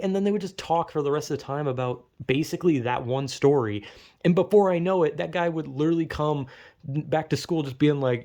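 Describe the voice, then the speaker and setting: A man's voice: on the high side, fast, dark tone. A young man telling a rambling, profane, self-mocking comedic story.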